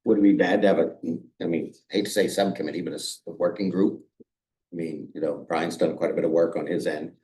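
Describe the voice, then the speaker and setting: A man's voice: low voice, steady tone, brisk, mellow. A man, a town official at a committee meeting, speaking plainly with dry, sarcastic asides.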